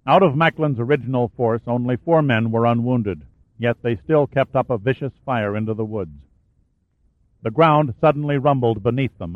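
A man narrates an audiobook in a steady, even voice at a middle pitch. The sound is narrow like a phone line and bone dry, with no room in it. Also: dry recording. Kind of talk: scripted narration of a war thriller.

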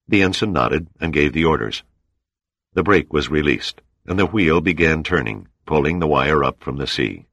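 A man with an extremely deep, low voice narrates a novel in a steady, measured way. The recording is dry and close, with no room sound at all. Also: creaky, dry recording. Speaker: audiobook narrator. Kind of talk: scripted narration.

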